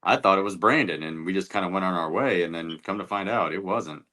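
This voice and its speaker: A man's voice: deep voice, fairly quick, sharp tone. A man who investigates the paranormal, a podcast guest recounting events in a laid-back, chatty way. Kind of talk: casual podcast chat.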